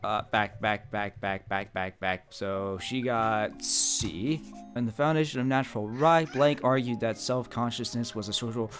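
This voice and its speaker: A man doing let's play commentary, goofy, excitable and self-deprecating. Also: on the low side, a little slow, faint music behind. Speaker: gaming YouTuber.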